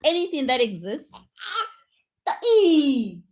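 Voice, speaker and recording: A woman's voice: fairly high pitch, expressive, normal speed, a bit bright. A woman vlogger giving an unscripted motivational monologue, emphatic and repetitive in a preachy way.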